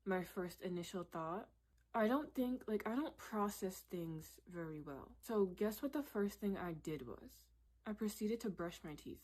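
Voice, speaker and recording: Young woman vlogging a storytime, kinda low voice, says like and literally a lot. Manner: candid, animated, lots of "like" and "literally". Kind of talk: casual storytelling.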